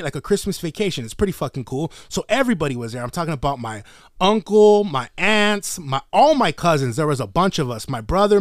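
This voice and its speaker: Profane, high-voiced man telling a story. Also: no echo, studio quality. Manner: profane, slangy, animated retelling. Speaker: podcast co-host. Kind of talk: casual storytelling chat.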